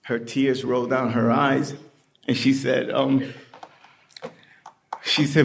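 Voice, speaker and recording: Man, unhurried storyteller, casual, filler-heavy delivery. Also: medium pitch, little pitch movement, creaky. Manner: slow, conversational, full of "you know" fillers. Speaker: storyteller in recovery. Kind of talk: personal storytelling.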